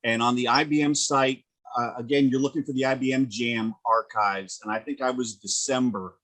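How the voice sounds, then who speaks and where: A man talking as a guest magician in casual chat, an animated storyteller who laughs a lot. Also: medium pitch, moderate pace, low-quality recording.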